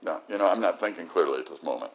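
An older male pastor delivers a sermon in a low voice. He swings from loud, emphatic exclamations to quiet, reflective passages. The recording is dull and lo-fi. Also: animated, rapid-fire.

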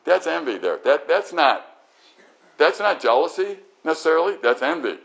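Animated preaching man, lo-fi sound. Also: fairly high pitch, normal speed, gravelly. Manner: animated preaching, acts out quoted voices. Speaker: pastor. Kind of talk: sermon.

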